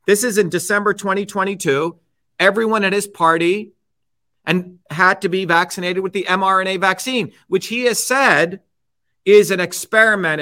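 A man's voice: sits high, moderate pace, bright, forceful tone. A man hosting a show, giving heated, combative political commentary and repeating his points with "okay?". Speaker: host.

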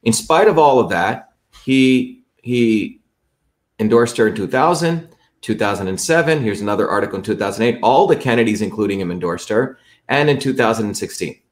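A man's voice: on the low side, lively intonation, fairly quick. A man hosting a livestream, walking viewers through a website in an emphatic, repetitive way and checking in with the audience often. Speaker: livestream host.

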